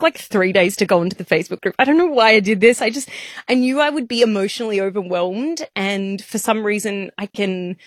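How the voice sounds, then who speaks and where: A woman's voice: medium pitch, no echo, studio quality. A woman, a podcast producer, talking emotionally and holding back tears in casual chat.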